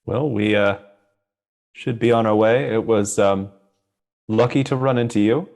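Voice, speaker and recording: A man's voice: lowish voice, fairly even intonation, measured pace, creaky, darkish tone. A man playing a tabletop game who speaks hesitantly, with fillers. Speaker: player. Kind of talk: casual tabletop play.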